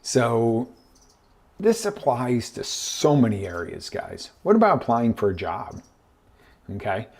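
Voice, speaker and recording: Slow and medium-pitched, this host of a live online motivational coaching show tells animated stories as his motivational talk. He acts out the different voices in each story.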